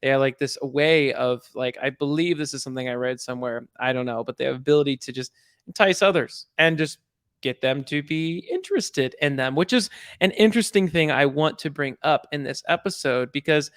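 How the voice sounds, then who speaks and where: A man's voice: mid-range voice, brisk, fairly bright tone, smooth, dry recording, clean studio sound. A man co-hosting a podcast in casual chat, rambling and hesitant, often correcting himself. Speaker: podcast co-host.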